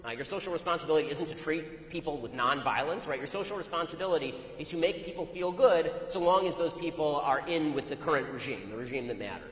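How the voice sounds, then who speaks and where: A man speaks fast and pointedly, in a slightly raised voice, stringing a combative anecdote together without pause. The sound is roomy, with a long hall reverb trailing each phrase. It comes across as a live talk captured in a large venue. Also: fairly high pitch, a bit bright. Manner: rapid, argumentative storytelling. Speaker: public speaker. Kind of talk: anecdotal speech to an audience.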